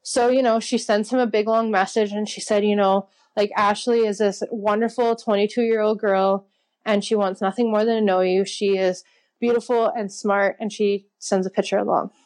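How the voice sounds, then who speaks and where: A woman's voice: mid-range voice, steady tone, normal speed, darkish tone. A woman in her twenties, an interview guest telling a personal story in a chatty way, laughing often and saying "like" a lot.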